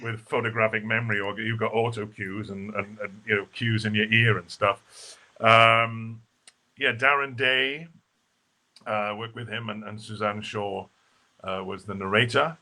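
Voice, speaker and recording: A man's voice: lowish voice, steady tone, a little slow, pushed and bright. A man, a stage actor guest in a casual live video interview, who talks in a chatty, rambling way full of fillers and restarts. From Wales.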